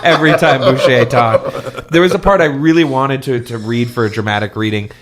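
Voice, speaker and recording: A man's voice: mid-range voice, moderate pace, crowd noise. A man co-hosting a comedy podcast, chatty and self-deprecating, often laughing. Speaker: podcast co-host. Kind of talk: casual chat.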